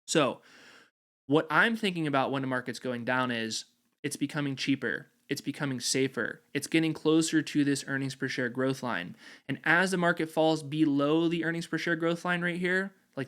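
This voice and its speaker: A man at a middling pitch talks through a market chart. He sounds confident and drives his points home by repeating the same phrasing, like an investing channel host explaining his strategy. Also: a little fast, a bit bright. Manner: confident, repetitive emphatic phrasing.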